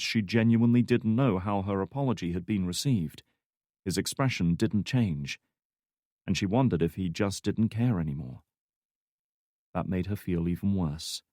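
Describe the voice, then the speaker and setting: Brief: male narrator, lowish voice, steady thriller reading, dry booth sound. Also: no echo. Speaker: audiobook narrator. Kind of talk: scripted narration.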